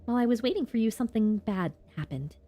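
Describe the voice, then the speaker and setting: A woman voicing a dreamy, wistful fifteen-year-old girl in a high, airy voice. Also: animated, fast, dark tone.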